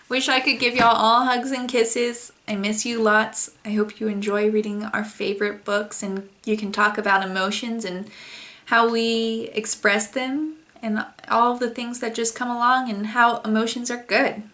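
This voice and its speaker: A young woman who teaches toddlers, reading a picture book aloud and gently explaining feeling words. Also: a little high, fairly even intonation, a little slow.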